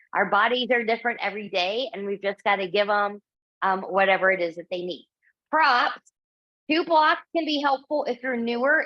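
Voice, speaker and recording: Calm woman yoga teacher, higher voice. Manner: calm, encouraging cueing with pauses. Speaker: yoga instructor. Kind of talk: guided yoga class instruction. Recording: slightly dull lo-fi sound.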